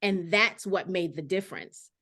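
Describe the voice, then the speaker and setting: A woman's voice: fairly low pitch, moderate pace, pushed and bright. A middle-aged woman hosting a casual panel discussion, speaking earnestly and reading out viewer comments. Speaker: host.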